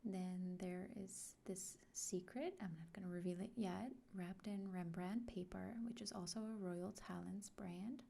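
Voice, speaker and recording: A woman giving a soft-spoken unboxing vlog, often sliding into a whisper and talking slowly and gently. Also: on the low side, fairly even intonation, vocal fry, slight background noise. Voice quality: frequently whispered. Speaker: art vlogger.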